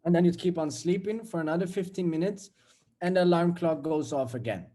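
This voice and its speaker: A man's voice: a little high, brisk, mellow. A young man giving a casual, blunt motivational talk, swearing freely and acting out everyday scenes. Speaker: self-development vlogger.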